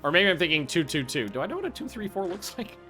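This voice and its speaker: A man casually commenting on his own strategy game play, excitable, swearing freely and thinking aloud with restarts. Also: high-pitched, fast, soft background music. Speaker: gaming video host.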